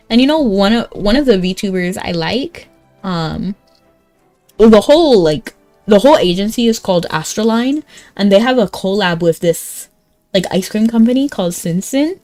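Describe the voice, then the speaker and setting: A woman's voice: mid-range voice, lively intonation, normal speed, mellow, dry recording, faint music behind. A young woman chatting casually and rambling while playing and reading a game. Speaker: game streamer. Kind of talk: casual gameplay chat.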